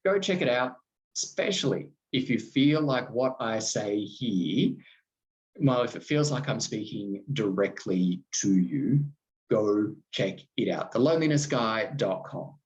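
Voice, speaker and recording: Podcast host, man, slow and reflective, very animated intonation. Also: fairly low pitch, lo-fi sound. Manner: conversational, reflective, with restarts and acted quotes. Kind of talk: solo podcast monologue.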